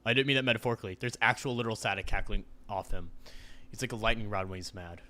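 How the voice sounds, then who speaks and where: Bright-voiced man reading a game aloud. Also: lowish voice, steady tone, quick pace. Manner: playful, wry asides. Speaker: streamer. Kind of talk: reading a visual novel aloud with commentary.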